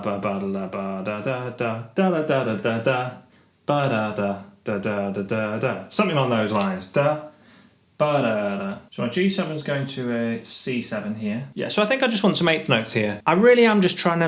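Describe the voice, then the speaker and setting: A man's voice: mid-range voice, echoey room. A music teacher thinking aloud as he writes a jazz solo, humming and scatting the rhythms in a casual way. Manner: hums and scats the rhythms, talks casually.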